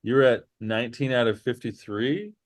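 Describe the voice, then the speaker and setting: A man running an online tabletop game as game master, relaxed and halting, with many fillers. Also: mid-range voice.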